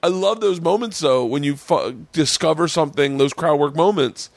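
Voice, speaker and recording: A little high and gravelly, his voice runs at normal speed with no echo as this comedian and podcast host chats through stage stories. He swears freely, stays animated, and acts out others' voices.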